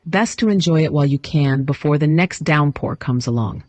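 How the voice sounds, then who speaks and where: A woman's voice: low voice, normal speed, a little mellow, no echo. A synthetic woman's voice with a British accent, acting as a chatty, polite voice assistant. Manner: chatty, polite, laughs before replies. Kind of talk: conversational voice assistant demo.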